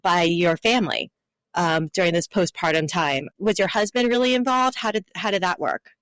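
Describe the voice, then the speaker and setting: A woman's voice: on the low side, moderate pace, fairly bright tone, dry recording. Dry-sounding woman podcast host. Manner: conversational, rephrases questions. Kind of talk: casual interview questions.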